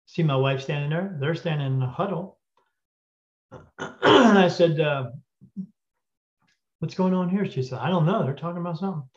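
A man telling a story casually as a podcast guest, acting out the dialogue and often clearing his throat. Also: on the high side. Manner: animated retelling with quoted dialogue. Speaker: guest spirit medium. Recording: dull lo-fi audio.

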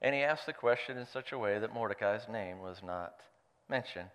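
A man's voice: lowish voice, normal speed, clean tone, in a large hall. A man preaching, reading scripture aloud and adding playful, joking asides. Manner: playful, animated storyteller who jokes aside. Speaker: pastor.

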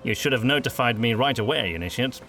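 A man's voice: mid-range voice, animated, quick pace, bright, forceful tone, soft background music. A man voicing a stern older male witch hunter master, curt, sarcastic and domineering.

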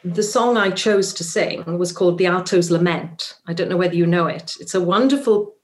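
A Welsh musical theatre actress tells a story in a chatty interview, filling it with ums. Her voice is on the low side and her speed normal.

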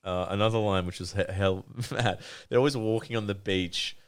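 A man co-hosting a podcast in casual chat, animated and swearing freely, acting out scenes in put-on voices. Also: on the low side, moderate pace, clear, resonant tone. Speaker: podcast co-host.

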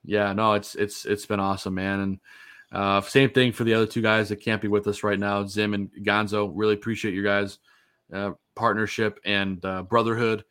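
A man's voice: on the low side, level tone, moderate pace, a bit bright, smooth. A man in his thirties casually hosting a sports podcast, easygoing and rambling with lots of fillers. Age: 30s. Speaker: podcast host.

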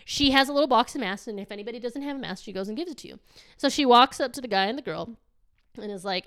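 A woman's voice: a little high, fast talker, smooth. A woman co-hosting a casual chat, telling a story animatedly, swearing freely and acting out what people said. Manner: animated, swearing, acts out quotes in changing voices. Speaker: podcast co-host.

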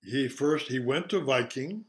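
An older man with a mid-range voice talks through a story haltingly, with frequent fillers and restarts. It sounds like relaxed conversation in an interview. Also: medium pitch. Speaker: interview guest, son of a children's author.

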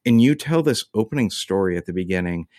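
A man's voice: sits low, lively intonation, quick pace, a little mellow, no room sound, clean studio sound. A man hosting a casual interview, asking hesitant, stumbling questions. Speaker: interview host.

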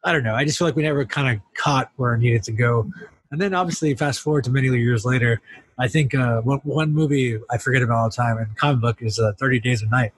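A man co-hosts a podcast in casual chat, joking, laughing often, and acting out little scenes. His husky, mid-range voice moves at a quick pace, recorded with no room sound.

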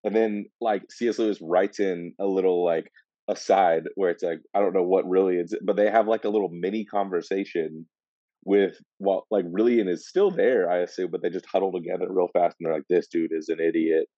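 Male podcast co-host, deep dark voice, rambling and playful, dull dry recording. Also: a little fast, no room sound. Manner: rambling, animated, acts out characters in funny voices. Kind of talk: casual book discussion.

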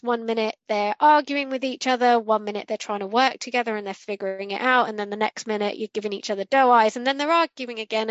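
A woman's voice: fairly high pitch, no room sound, muffled recording. A woman co-hosting a casual podcast discussion, rambling and correcting herself as she goes and acting out what she was thinking. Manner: rambling, self-correcting, acts out quotes. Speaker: podcast co-host.

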